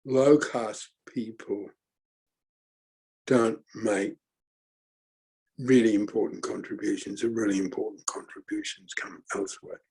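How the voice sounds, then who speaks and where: A middle-aged man giving a reflective talk at his forum, speaking haltingly with many fillers and restarts. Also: fairly low pitch, fairly even intonation, a little mellow, breathy edge, rough recording. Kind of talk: reflective talk, thinking aloud.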